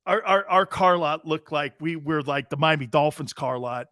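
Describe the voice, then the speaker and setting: Brash middle-aged sports show host. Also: male voice, fairly high pitch, moderate pace, no room sound, clean studio sound. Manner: animated, brash, profane storytelling. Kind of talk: casual storytelling.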